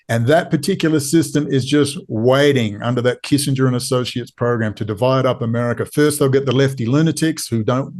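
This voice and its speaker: A man with an Australian accent, a podcast guest, talking in an urgent, pleading way and hammering points home through repetition. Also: medium pitch. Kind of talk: impassioned interview talk.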